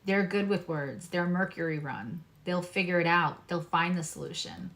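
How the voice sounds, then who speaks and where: A woman's voice: on the low side, normal speed, fairly bright tone. A woman astrologer giving a casual, earnest tarot reading, speaking straight to her viewers in a reassuring way.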